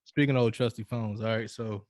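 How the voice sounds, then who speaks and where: A man's voice: on the low side, fairly even intonation, fairly quick, a little mellow, no echo, studio quality. Profane man preaching dating advice. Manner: loose, profane, preachy storytelling with repeated restarts. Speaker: podcast co-host. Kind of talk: casual chat giving advice.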